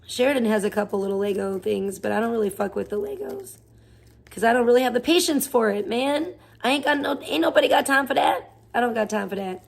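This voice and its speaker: A woman's voice: a little high, fast, gravelly. A woman live streamer chatting casually, rambling and swearing as she rants in exasperation. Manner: rambling, profane, exasperated ranting. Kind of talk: casual chat.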